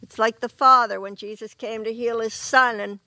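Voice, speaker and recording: A woman preaching a sermon in an earnest, unhurried way, often clearing her throat. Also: on the high side, steady tone, pushed and bright, no echo.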